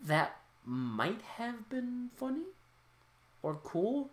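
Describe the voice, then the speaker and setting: A podcast co-host in a casual movie recap chat, excitable and swearing freely with loud exclaims. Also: medium pitch, drawn-out words.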